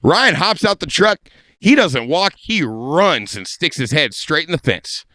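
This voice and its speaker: Brash man, bright lively voice. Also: a little high, unhurried, no room sound. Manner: brash, crude, animated. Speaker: stand-up comedian. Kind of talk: comedic storytelling. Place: podcast studio.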